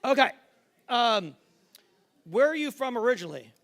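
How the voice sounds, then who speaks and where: Brief: brash middle-aged male stage magician, high bright voice, joking crowd work in a big theater. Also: very animated. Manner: brash, joking, swearing, rapid crowd banter. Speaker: magician performer. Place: large theater stage before a live audience.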